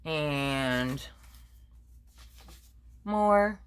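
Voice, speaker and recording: An older woman shows off her handmade crafts in a relaxed vlog. Her voice sits low but swoops lively up and down. She rambles along, stopping for fillers and fixing her own words as she goes. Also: a little slow, long pauses. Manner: rambling, with many fillers and self-corrections. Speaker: crafting vlogger. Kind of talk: casual show-and-tell chat.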